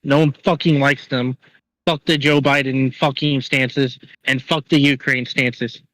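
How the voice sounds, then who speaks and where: Bright-voiced man in an angry, profane rant. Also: mid-range voice, level tone, no echo, rough recording. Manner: angry, profane, rapid ranting. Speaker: co-host.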